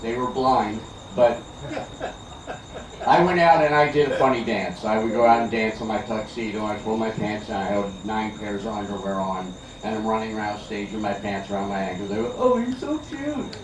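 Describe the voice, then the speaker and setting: Brisk and steady in a fairly low voice, an older Philadelphia comic entertains a backyard party with chatty, teasing stand-up stories. The noisy outdoor recording sounds far away and echoey, with the crowd's party noise all around.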